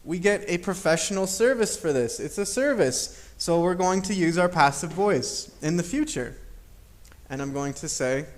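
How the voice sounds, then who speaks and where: A man's voice: high-pitched, animated, normal speed. A man teaching an English grammar lesson, explaining patiently, repeating examples and checking in with "okay?".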